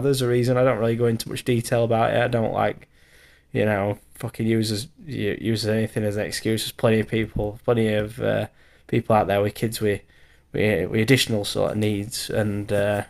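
A man in his thirties who lays bricks delivers a loose, casual vlog voiceover, stuffed with fillers and the occasional swear word. His voice sits fairly low, gravelly and somewhat dark, and lack of sleep has left him sounding worn out.

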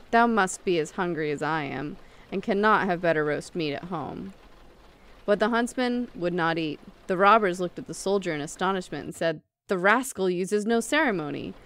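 Female storyteller, lowish voice, classic fairy-tale reading. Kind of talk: fairy tale read aloud.

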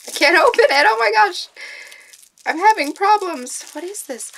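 A young woman vlogger opening fan mail in casual chat, excitable and often gasping and squealing with delight. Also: high voice, unhurried.

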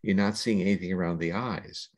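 An older man, a scientist guest on an interview podcast, explaining ideas in a measured, lecturing way with long explanations. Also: deep voice, steady tone.

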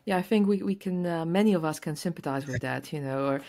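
A woman's voice: deep voice, fast, darkish tone, no echo. A woman hosting a podcast interview, speaking hesitantly with many fillers. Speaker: podcast host.

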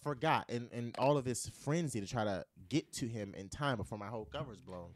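A man's voice: medium pitch, lively intonation, fairly quick, no echo, clean studio sound. A man as a podcast guest, telling a story dramatically and acting out the voices in it. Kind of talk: animated storytelling.

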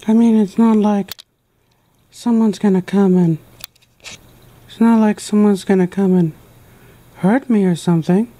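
A mellow, unforced voice plays a touchy plush animatronic fox in a homemade toy skit, the performer barely changing their own voice. The talk is plain and exasperated, full of complaints about being babied. Nothing is pushed or theatrical. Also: medium pitch, steady tone, a little slow, long pauses, natural voice.

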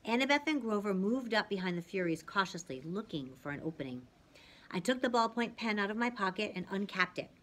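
A woman reads a novel aloud in a bright, clear voice of middle pitch. Her narration is lively and dramatic, dropping now and then to a soft hush for tense moments. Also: fairly quick. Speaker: reader.

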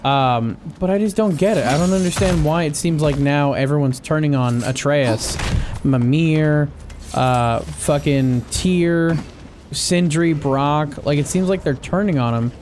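A man's voice: on the high side, unhurried, darkish tone, slight background noise. Profane young man gaming commentary. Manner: profane, joking trash talk at enemies. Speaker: gaming channel host. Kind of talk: casual let's-play commentary. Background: game music and combat sounds.

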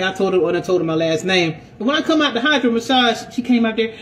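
A man telling a personal story in a casual, animated, profane rant. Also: sits high, fast talker, hardly any pauses, slight background noise.

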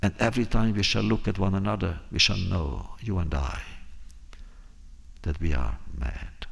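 A man's voice: low-pitched, vocal fry, slightly rough, heavily acted. A man telling of a grave old king. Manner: grave, deliberate storytelling. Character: wise, stern old king.

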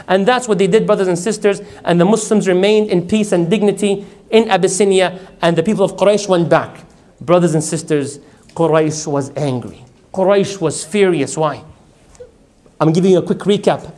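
A man's voice: high voice, brisk, a little mellow. A man giving a religious talk to a live audience, telling personal stories, acting out dialogue and asking the audience to answer him. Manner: storytelling, acts out dialogue, asks audience to respond. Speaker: lecturer.

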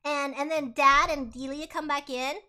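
A woman streamer narrating casually as she plays, animated and rambling, with plenty of swearing. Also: sits high, moderate pace.

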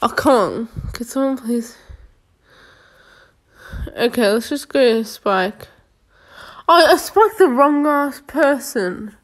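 A woman narrating her gameplay in a relaxed, unhurried way, full of sarcastic jokes and muttered asides. Her voice sits on the higher side, and she drawls through her remarks at a leisurely pace. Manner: sarcastic, joking, talks to herself. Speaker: gamer playing a police game. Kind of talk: casual gameplay commentary.

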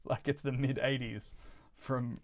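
A man chatting casually while he plays on a game stream. He rambles and laughs often. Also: mid-range voice. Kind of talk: casual chat while gaming.

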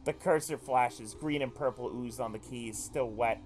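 Male streamer, game narration and blunt swearing reactions, mid voice, soft music bed. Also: mid-range voice, moderate pace, hardly any pauses. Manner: swears often, reacts aloud. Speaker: let's play streamer. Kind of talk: reading a visual novel aloud with commentary.

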